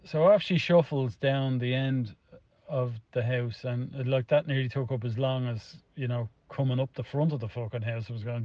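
A man's voice: mid-range voice, fairly even intonation, normal speed, dry recording, highs cut off. A middle-aged Irish man telling a rambling anecdote in a casual voice, swearing constantly. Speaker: storyteller in a played clip.

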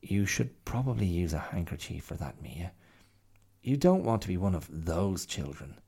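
A man's voice: low-pitched, big pitch swings, moderate pace, vocal fry, dark tone, husky, heavily acted. A man voicing a proud, fussy little male bear in a storybook reading, speaking in a prim, matter-of-fact way.

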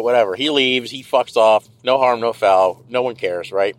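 Brief: middle-aged man, casual sarcastic rant, heavy swearing, mid pitch, recorded in a car. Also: normal speed, dry recording, rough recording. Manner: profane, ranting, sarcastic. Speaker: podcast host. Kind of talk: casual rambling monologue. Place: car, driving.

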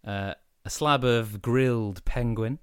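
A man co-hosting a podcast, full of puns and animated in casual banter. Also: medium pitch, takes it slowly, clear, resonant tone, dry recording, clean studio sound. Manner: punning, animated. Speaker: podcast co-host.

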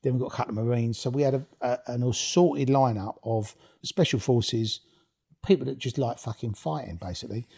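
Husky-voiced man telling stories. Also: mid-range voice, brisk, a little mellow. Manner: blunt, swears often, laughs while telling stories. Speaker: guest, former rave promoter. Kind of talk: casual storytelling interview.

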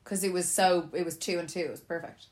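Young woman, lowish pitch, lively gossipy storyteller who slips into quoted voices. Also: fast talker. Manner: chatty and animated, laughs often, acts out quotes. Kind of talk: casual storytelling chat.

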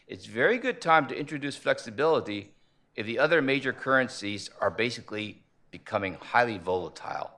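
A man speaking at a conference panel, measured and analytical, posing rhetorical questions as he lays out his argument. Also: medium pitch, creaky, bright, forceful tone. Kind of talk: conference presentation.

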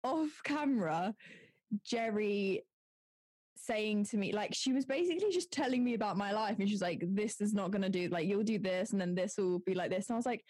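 A woman's voice: medium pitch, animated, moderate pace, a little mellow, no room sound. A young woman, chatting as an interview guest and laughing often. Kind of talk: casual interview chat.

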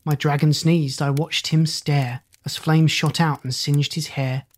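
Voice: mid-range voice, little pitch movement, a little slow. A reader reciting rhyming children's poems in a rhythmic storytelling manner with whispered asides.

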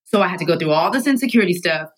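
A woman guest in a studio telling her own story candidly, emphatic and animated, sometimes laughing through her words. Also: lowish voice, racing, poor audio. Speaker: podcast guest.

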